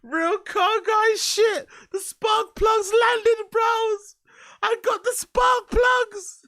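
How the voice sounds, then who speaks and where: Man doing a shrill, drawn-out boastful car-guy voice, lines stretched and yelled. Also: fairly even intonation, vocal fry, exaggerated voice. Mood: bragging. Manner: squeaky, stretched-out, shouting. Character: giddy man bragging about car parts.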